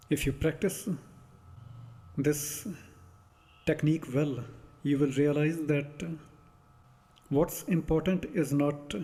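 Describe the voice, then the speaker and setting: Male spiritual teacher, slow meditative delivery, mellow tone, long hall reverb. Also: a little high. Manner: measured, reflective, in short phrases.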